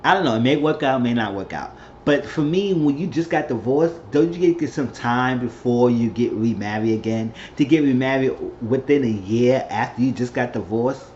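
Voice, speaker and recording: A man talks through a reality show recap in a loose, rambling way, slipping into what each person said. His voice sits at an ordinary middle pitch. The recording is a bit dull and lo-fi, with a faint hiss behind it. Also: animated, moderate pace, darkish tone. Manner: rambling storyteller, acts out quotes. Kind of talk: casual recap vlog. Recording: slightly dull lo-fi audio.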